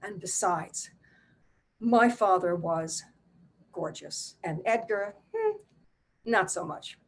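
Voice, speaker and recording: An older woman, a playwright and solo performer, telling a family story on stage in a wry, animated, conversational way. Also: on the low side, slow.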